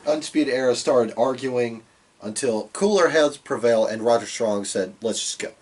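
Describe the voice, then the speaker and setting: Husky-voiced man recapping wrestling casually. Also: medium pitch, normal speed. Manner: relaxed, filler-heavy recapping with quoted asides. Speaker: podcast co-host.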